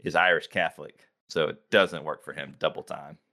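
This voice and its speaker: A man co-hosting a sports podcast, opening the show with energetic jokes and casual banter. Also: a bass voice, normal speed. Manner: energetic, joking, animated intro. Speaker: podcast co-host.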